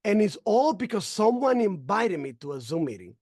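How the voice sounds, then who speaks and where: Man, testimonial storyteller, animated and emotional, lively pitch, dry close sound. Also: moderate pace, breathy edge, no echo. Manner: animated, acting out conversations, stumbling fillers; emotional, faith-filled. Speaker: member sharing a testimonial.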